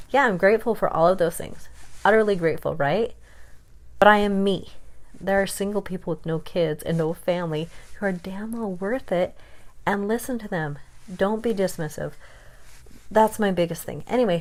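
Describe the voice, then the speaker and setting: A woman frankly venting about being dismissed, heated and self-conscious in turn. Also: on the low side. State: chronically ill. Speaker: vlogger. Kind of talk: personal rant to camera.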